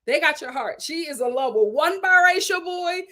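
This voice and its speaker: A woman's voice: high-pitched, moderate pace. A young woman hosting a casual live recap of a reality show, laughing often and acting out what the cast said in put-on voices. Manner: animated, laughing, acts out quotes in other voices. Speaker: host.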